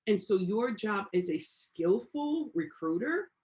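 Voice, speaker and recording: A woman giving a motivational coaching talk to a group on a call. She talks in a preacherly way, repeats lines for emphasis and swings up loud and high. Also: big pitch swings, slow. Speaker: business coach.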